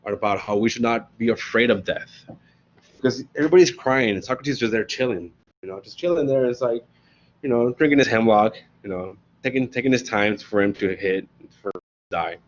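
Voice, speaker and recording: A man giving a casual classroom lecture as a professor, telling the story in slangy, animated bits and often asking "right?". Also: mid-range voice, fairly quick, dull audio.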